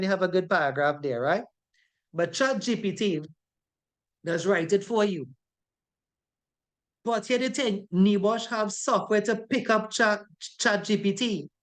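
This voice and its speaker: Talkative woman instructor. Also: mid-range voice. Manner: chatty, rhetorical questions, frequent "right?" tags. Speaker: safety course instructor. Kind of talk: informal classroom lecture.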